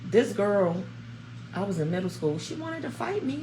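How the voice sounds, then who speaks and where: A woman in her fifties, hosting a vlog from home and chatting to viewers in a chatty, animated storytelling way. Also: mid-range voice, moderate pace, very noisy. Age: 50s. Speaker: vlog host. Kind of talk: casual chat to viewers. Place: at home, snowed in. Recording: roomy echo.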